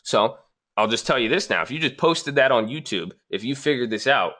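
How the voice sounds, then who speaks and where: A man's voice: mid-range voice, lively intonation, fairly quick, sharp tone. A man hosting a trading channel, casually arguing back at viewer comments he reads aloud. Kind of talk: casual talking-head response video.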